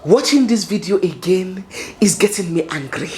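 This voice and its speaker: Nigerian woman, vlog host, dramatic and self-talking, very animated intonation. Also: on the low side, normal speed, slight background noise. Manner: dramatic, talks to herself, laughs often. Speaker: vlog commentator.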